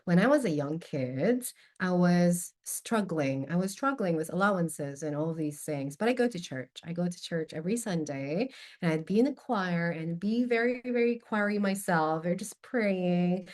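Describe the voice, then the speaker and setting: A woman in a podcast conversation, telling a personal story with lively expression and candor. Her voice sits somewhat low, and she talks casually, dropping the occasional curse word. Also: normal speed. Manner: animated, expressive anecdote-telling with casual swearing; candid, openly emotional. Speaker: podcast guest.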